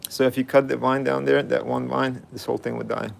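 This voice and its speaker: A man's voice: mid-range voice, flat delivery, fairly quick, vocal fry. A man casually vlogging outdoors, playfully chatting with and about a dog. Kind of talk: casual vlog chat.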